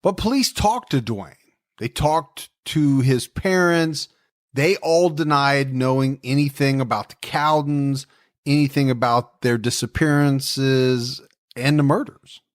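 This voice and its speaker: A man's voice: mid-range voice, slow. Man casually telling a true-crime story. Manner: jokey, conversational storytelling with asides. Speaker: podcast co-host.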